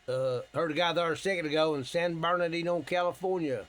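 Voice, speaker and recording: A man from Tennessee, relaxed and plain-spoken, explaining his ham radio as he makes calls. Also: fairly high pitch, fairly quick. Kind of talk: casual radio demo and on-air calls.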